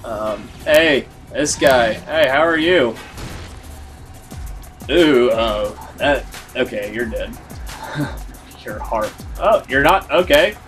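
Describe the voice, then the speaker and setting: Slow, rambling gamer guy. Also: mid-range voice, lively intonation, fairly bright tone, faint music behind. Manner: rambling, full of "like" fillers. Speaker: gaming video host. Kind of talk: casual let's-play commentary.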